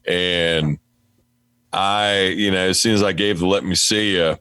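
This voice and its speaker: West Virginian guy, lower voice, dry close sound, swears a lot, tells work stories. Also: fairly even intonation, unhurried, sharp tone, clear, resonant tone, dry recording. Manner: profane, storytelling, acts out his own talk to dogs. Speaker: podcast guest, mail carrier. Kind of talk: casual chat.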